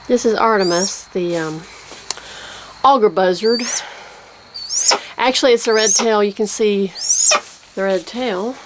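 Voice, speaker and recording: A woman's voice: mid-range voice, a little slow, pauses often, heavy background noise. A woman who teaches about birds of prey, chatting casually outdoors by a barn and cooing baby talk to her birds. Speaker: bird of prey educator.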